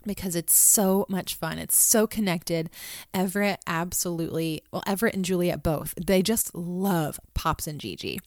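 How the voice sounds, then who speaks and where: Earnest and reflective, this woman in her thirties talks conversationally about her family as a mother, full of ums and restarts. Her voice is on the low side at a moderate pace, and the studio-quality recording has no echo.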